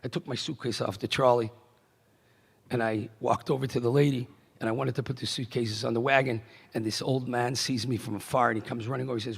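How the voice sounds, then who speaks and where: A middle-aged man, a rabbi giving a keynote address, telling stories in an animated way that swings from hushed to emphatic. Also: mid-range voice, quick pace, creaky, slightly rough. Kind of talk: storytelling speech. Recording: echoey banquet hall PA.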